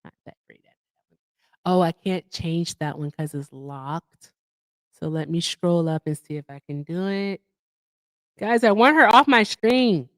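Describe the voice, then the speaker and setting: A woman's voice: on the low side, a little slow, pauses often, dry recording, studio quality. A woman hosting a livestream in casual chat, chatty and effusive as she thanks her viewers. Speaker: livestream host.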